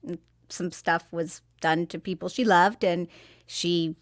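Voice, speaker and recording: A woman's voice: lowish voice, fairly even intonation, measured pace. A woman chatting casually as a panelist on a film review podcast, talking in loose asides and laughing often.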